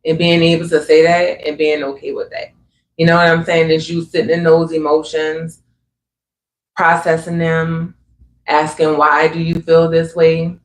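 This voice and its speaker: A man's voice: on the high side, completely flat delivery, moderate pace, a little hiss or hum. A man hosting a livestream, talking earnestly and conversationally about spiritual growth, often adding "you know what I'm saying". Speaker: livestream host. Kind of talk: reflective spiritual talk. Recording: echoey room with faint ambience.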